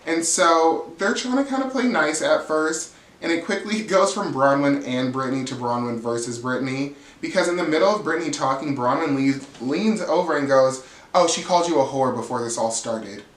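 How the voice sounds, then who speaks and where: A man recapping a reality TV episode in casual gossipy chat, swearing freely and jumping into high voices as he quotes the cast. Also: normal speed, roomy sound. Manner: animated storytelling, jumps into high voices quoting the cast, laughs often.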